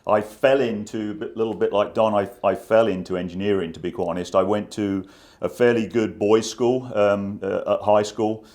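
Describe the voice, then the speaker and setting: A middle-aged man from England with an English accent touched by the American Midwest, a guest telling stories in a relaxed, self-deprecating way. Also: lowish voice, normal speed. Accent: English with some American Midwest. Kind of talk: casual interview chat.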